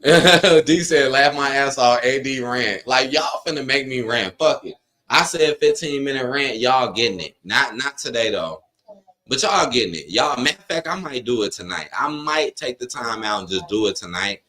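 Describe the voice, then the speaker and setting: Male streamer: animated, frustrated ranter with a wide-ranging pitch and lots of profanity. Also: moderate pace. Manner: frustrated, profane ranting, reads chat aloud. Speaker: wrestling watch-along streamer. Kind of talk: live-stream reaction rant.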